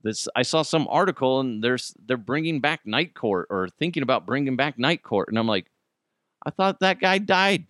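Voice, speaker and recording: A man with a medium-pitched, expressive, slightly bright voice hosts a podcast at a moderate pace, ranting casually about the news, swearing a lot and laughing at his own jokes. The studio recording is clean with no echo.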